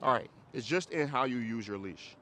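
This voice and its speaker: Guy coaching a dog class outside, chill talk then loud high "good boy" praise, bit of traffic hum behind. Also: animated, moderate pace. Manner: casual, explains with repeated checks like "you get what I'm saying". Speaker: dog trainer. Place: outdoors in a city.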